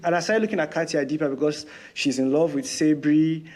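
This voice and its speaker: An enthusiastic man hosts a casual book podcast, talking with easy excitement and quick laughs. His voice sits a little high for a man. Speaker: podcast host. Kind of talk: casual book-discussion chat.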